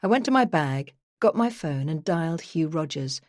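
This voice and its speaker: Low-voiced woman reading first-person true crime. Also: expressive, moderate pace, a little mellow, no room sound, studio quality. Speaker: audiobook narrator.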